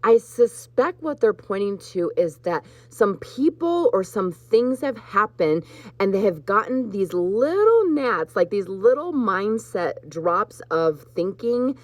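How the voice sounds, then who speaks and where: A woman hosting a live spiritual card reading, talking gently to her viewers and getting emotional at times. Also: mid-range voice, big pitch swings, slow pace, no echo. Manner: warm, emotional, choked up with laughter at times. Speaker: host.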